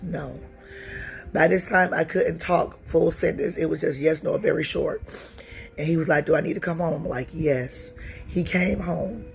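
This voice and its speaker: A woman in her forties giving a personal testimony, telling her story in a halting way with many pauses and restarts. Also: low voice, creaky.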